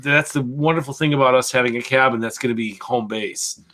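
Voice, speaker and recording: A man co-hosting an arcade-collecting podcast, chatting casually in a rambling, animated way and swearing freely. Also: medium pitch, a little fast. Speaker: podcast co-host. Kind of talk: casual chat.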